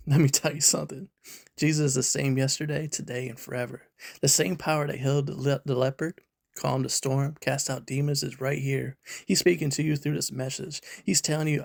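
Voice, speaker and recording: A male preacher with a gravelly, rough-edged voice at a middle pitch. He drives a sermon forward with emphasis, pressing his listeners with question after question. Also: flat delivery, brisk.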